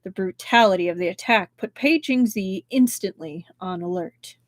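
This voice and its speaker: A woman reading a novel aloud on a live stream, expressive, with big changes in loudness. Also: mid-range voice, normal speed, dry recording. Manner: expressive, with strong shifts in loudness. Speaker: book reader and livestream host.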